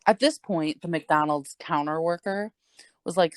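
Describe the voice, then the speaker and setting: A woman's voice: sits low, measured pace, no room sound. A young adult woman co-hosting a podcast, telling a story in a rambling, casual way full of "like" and swearing. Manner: rambling, heavy use of "like", frequent swearing and laughs. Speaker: podcast co-host.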